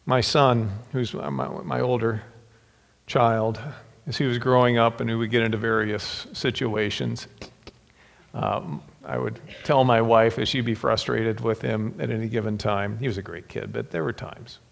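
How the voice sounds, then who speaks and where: A middle-aged man preacher telling personal stories in a sermon, halting and heartfelt, with repeated words and whispers on tender lines. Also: mid-range voice, steady tone, vocal fry. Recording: long hall reverb.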